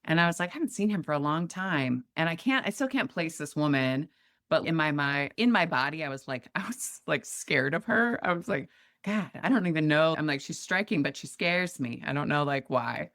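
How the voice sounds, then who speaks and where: A woman's voice: low-pitched, a little fast, dry recording, studio quality. A middle-aged woman from Montana, a podcast guest telling a story in casual chat and acting out the voices of the people in it. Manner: animated, acts out quoted voices.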